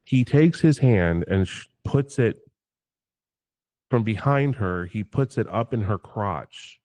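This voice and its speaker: A man telling a story on a casual livestream, animated and profane, acting out the quotes in his tale. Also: lowish voice, slow pace, no echo. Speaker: guest.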